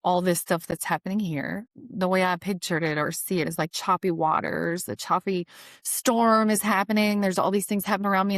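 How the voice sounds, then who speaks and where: A woman's voice: mid-range voice, no echo, clean studio sound. A woman hosting a podcast, talking earnestly through a reflective spiritual monologue, repeating phrases for emphasis with light laughs. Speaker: podcast host.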